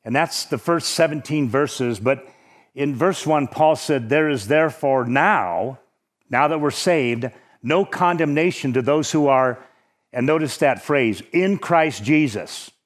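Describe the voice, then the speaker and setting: A man preaching a sermon in a conversational teaching manner, slowing down to stress key words. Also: medium pitch, animated.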